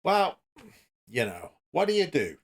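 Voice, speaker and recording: A man playing a clueless, broke crypto founder who rambles evasively in a deadpan way. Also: on the high side, unhurried, exaggerated voice.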